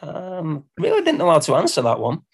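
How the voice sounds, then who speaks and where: A man's voice: fairly high pitch, wildly swooping pitch, brisk, husky. A man with an English accent, a singer-songwriter guest on a podcast, who talks hesitantly with lots of ums and laughs at himself. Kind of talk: casual podcast interview.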